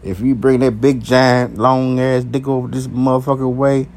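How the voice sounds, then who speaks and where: A man delivering a raw, uncensored monologue to his viewers, brash, profane and animated, breaking into laughter. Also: mid-range voice, normal speed, slight background noise. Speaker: vlogger.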